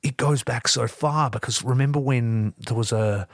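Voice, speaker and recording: A man's voice: medium pitch, moderate pace, no room sound, clean studio sound. A man co-hosting a wrestling podcast, telling stories in a loose, profane style and acting out quotes. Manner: animated, profane storytelling with acted-out quotes. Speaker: podcast co-host. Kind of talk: casual wrestling review chat.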